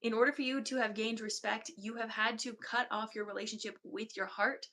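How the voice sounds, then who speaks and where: A woman energy healer giving a slow, soft-spoken, meditative channeled reading. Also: on the high side, steady tone.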